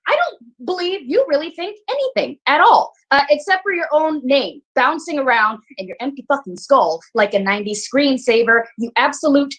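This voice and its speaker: A woman's voice: sits high, lively intonation, normal speed, few pauses, a bit bright, rough recording. A woman playing a foul-mouthed, scornful actress. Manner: sneering, profane insults. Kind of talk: scripted video-call comedy.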